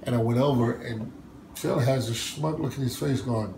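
Male interview guest: a lively storyteller who acts out the quotes, recorded in a reverberant room with light background noise. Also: normal speed, creaky. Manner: animated, acts out quotes with big pitch jumps, laughs often. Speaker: bodybuilder guest.

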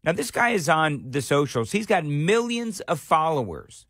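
A man's voice: a little high, big pitch swings, normal speed, fairly bright tone, no echo, studio quality. A man hosting a talk radio show, delivering an opinionated monologue full of sarcastic rhetorical questions. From Nashville area.

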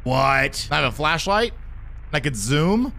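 A man's voice: on the high side, big pitch swings, takes it slowly, gravelly, bright, forceful tone, slight background noise. A man giving nervous, joking commentary while playing a horror game, jumpy and easily startled. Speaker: gaming streamer.

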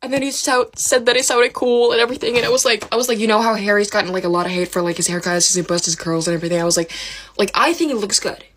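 A young woman excitedly telling a storytime about meeting someone, rambling with lots of "like". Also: medium pitch, rapid-fire. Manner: giddy, rambling, heavy use of "like". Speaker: vlogger.

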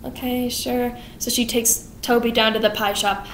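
A woman's voice: on the high side, level tone, moderate pace, fairly bright tone, echoey room, a little hiss or hum, rough recording. A woman vlogger giving a casual plot summary in a chatty, irreverent way.

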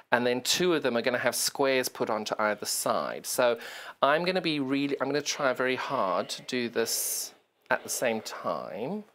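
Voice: mid-range voice, a bit bright. Chatty sewing presenter. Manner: chatty, self-deprecating, talks to the sewing machine; explains step by step while working with hands. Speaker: shopping channel sewing presenter. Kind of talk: live TV sewing demonstration.

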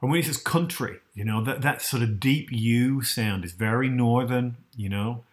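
A man's voice: medium pitch, moderate pace. A man hosting, explaining casually and hesitantly, often turning to ask the listener. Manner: hesitant, many restarts and fillers, asks the listener. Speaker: host.

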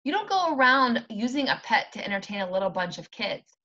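A woman reading aloud does a fed-up big brother from a storybook, complaining in a lively voice. The delivery is bright and sharp over a dull, lo-fi recording. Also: on the high side, fairly quick. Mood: exasperated.

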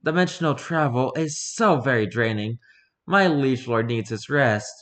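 A man's voice: mid-range voice, lively intonation, a little slow, fairly bright tone. A man playing a sly, pompous masked lord. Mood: scheming. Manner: theatrical, mocking.

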